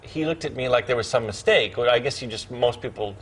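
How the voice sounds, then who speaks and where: A man in his thirties chatting as a guest in a TV studio, with lots of restarts and quick laughs. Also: mid-range voice, a bit bright, a little hiss or hum. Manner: halting, many restarts, laughs easily. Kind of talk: chatty TV interview. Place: TV studio sofa.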